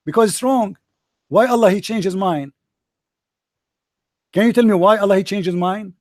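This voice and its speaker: A man's voice: sits high, normal speed, dry recording, clean studio sound. A man arguing hard in a religious debate, mocking and repeating himself. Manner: combative, mocking, repeats phrases.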